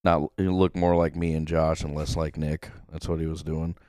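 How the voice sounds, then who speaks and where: A man's voice: a bass voice, flat delivery, normal speed, darkish tone, a little hiss or hum, poor audio. A man co-hosting a casual sports podcast, joking around and slipping into silly put-on voices. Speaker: podcast co-host. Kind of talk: casual chat.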